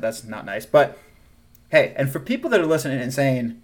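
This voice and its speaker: A man from the American South co-hosts a casual podcast chat, speaking in an animated way with a Southern accent. He laughs often and trails off and restarts as he goes. His voice is mid-range and his speed normal.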